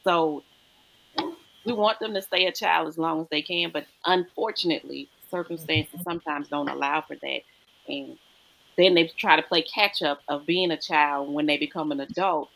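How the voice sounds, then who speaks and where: Woman host with a low, deep voice, steady and measured in conversation. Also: gravelly, poor audio. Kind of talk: casual chat.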